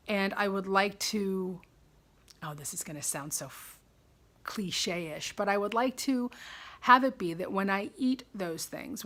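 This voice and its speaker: A woman in her fifties, her voice low-ish and a bit bright, chats casually in a personal video diary at home. She rambles, is self-deprecating, and often laughs at herself.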